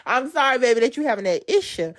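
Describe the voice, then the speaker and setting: A woman's voice: a little high, sing-song, fast talker, pitched above the performer's own voice. A woman putting on a Louisiana accent to voice a sassy woman who calls the listener baby. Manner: sweetly dismissive, calling people baby.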